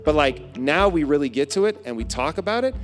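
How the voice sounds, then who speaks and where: A man's voice: a little high, animated, brisk, big-room sound, faint music behind. A man on a podcast telling a personal story with emphasis, repeating key phrases for effect. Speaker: podcast guest.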